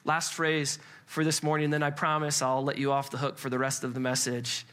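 A man preaching a sermon as pastor to a church congregation, conversational and animated, often restarting with repeated words. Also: mid-range voice, fairly quick, few pauses, clean tone.

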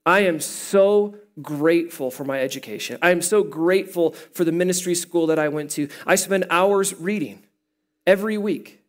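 A man preaching a sermon as pastor, animated and playful, joking with the listeners as he teaches. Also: high-pitched, normal speed. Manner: animated, playful, jokes with the congregation.

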